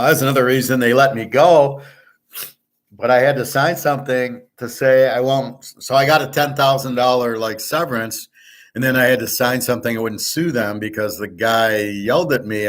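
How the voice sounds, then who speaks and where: A man's voice: medium pitch, fairly bright tone. A middle-aged man from the United States, hosting a betting show and telling a rambling story in a blunt, profane, indignant way. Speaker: sports betting show host.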